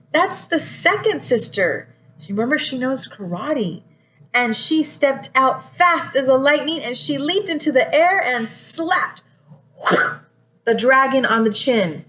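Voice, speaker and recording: A woman teacher reading a picture book aloud to young children, gasping often and pausing to ask them questions. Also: on the high side, slight background noise, low-quality recording. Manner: expressive, frequent gasps, asks listeners questions.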